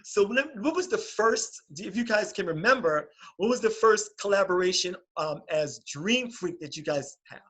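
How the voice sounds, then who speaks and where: Lively, bright-voiced gushing man host. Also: sits high, moderate pace, few pauses, breathy edge. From California. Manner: animated, laughs often, gushing. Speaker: podcast host. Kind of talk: casual interview.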